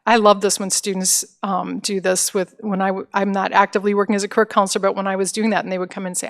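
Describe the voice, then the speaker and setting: A woman's voice: mid-range voice, flat delivery, fast talker, vocal fry, few pauses. A middle-aged woman presenting career services to parents in an encouraging, conversational way, with fillers and restarts.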